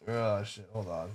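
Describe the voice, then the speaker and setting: Rambling, lively-voiced man streaming. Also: high-pitched, slightly rough, no room sound. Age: 30s. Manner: rambling and profane, reading chat aloud. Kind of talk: casual live-stream chat.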